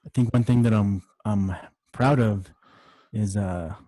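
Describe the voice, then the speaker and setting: A man's voice: lowish voice, measured pace, mellow, no room sound, low-quality recording. A man co-hosting a casual podcast, telling stories about past projects and laughing easily. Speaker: podcast co-host. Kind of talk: casual chat.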